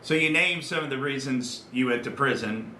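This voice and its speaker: A man's voice: mid-range voice, moderate pace, bright, forceful tone. A man hosting a podcast, asking loose, rambling questions in a casual interview. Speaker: podcast host. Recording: echoey room with light hiss.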